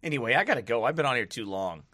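A man in a rambling, sarcastic monologue, drifting between musing asides and loud preachy bursts. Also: medium pitch, expressive, very fast, dry recording, clean studio sound. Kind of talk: casual monologue to camera.

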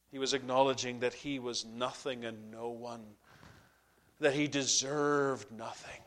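Slow impassioned male preacher. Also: medium pitch. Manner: impassioned, swinging between loud peaks and hushed drops. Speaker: pastor. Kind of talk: sermon.

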